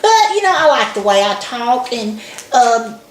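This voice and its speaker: A woman from Alabama with a Southern accent and an animated, chatty manner, laughing often as she co-hosts a casual chat. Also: on the high side, measured pace, roomy sound, slight background noise. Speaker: co-host.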